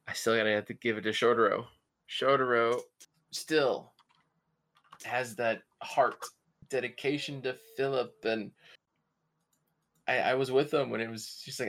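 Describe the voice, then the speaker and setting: A man co-hosting a podcast, chatting excitedly about a show, with frequent swearing and halting restarts. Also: medium pitch, gravelly. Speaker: podcast co-host. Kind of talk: casual excited review chat.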